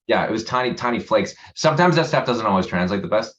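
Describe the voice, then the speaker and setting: A man with a very low voice talks about his work in a loose, rambling way, often starting over mid-sentence. His audio comes through dull and lo-fi, the way a video call does. He laughs easily as he goes. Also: expressive, quick pace, fairly bright tone. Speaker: actor guest. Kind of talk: casual interview chat.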